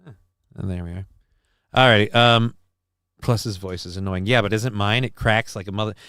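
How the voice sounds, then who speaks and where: On the low side and at normal speed, this man's voice is fairly bright, clear, and resonant, recorded dry at studio quality. Hosting a laid-back stream, he reads chat and responds defensively and at length, swearing casually while his voice cracks now and then.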